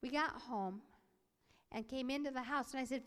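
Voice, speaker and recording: High and fairly bright, this woman's voice moves at normal speed as she renders a preacher's sermon and personal testimony. Her animated telling includes acted-out quotes and occasional whispers, heard through long hall reverb.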